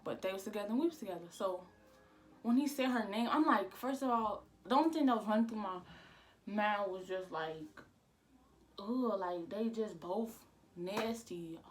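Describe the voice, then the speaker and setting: A woman's voice: medium pitch, lively intonation, fairly quick. A young woman vlogger telling a casual storytime. She rambles, repeats "I'm like" and uses a lot of slang.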